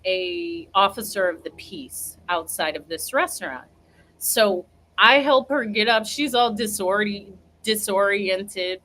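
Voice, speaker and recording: A young woman telling a funny story in a casual, animated way, laughing and acting out what people said. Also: medium pitch, low-quality recording. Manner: animated, laughing, acts out quotes.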